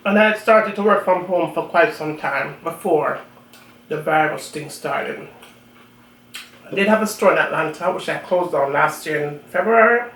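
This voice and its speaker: This low-pitched, slightly bright voice belongs to a Jamaican woman with a strong accent, talking at normal speed. She chats casually with viewers between bites while eating on her cooking channel, recorded from a distance with roomy echo and faint room noise.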